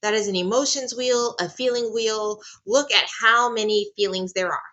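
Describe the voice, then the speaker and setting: A woman's voice: medium pitch, moderate pace, pushed and bright, highs cut off. A woman giving a casual lecture, emphatic and repeating phrases for stress.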